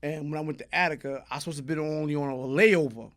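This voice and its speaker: A middle-aged man, a guest telling stories in a casual interview, in animated street slang that bursts into loud shouting. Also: fairly high pitch, fast talker. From New York.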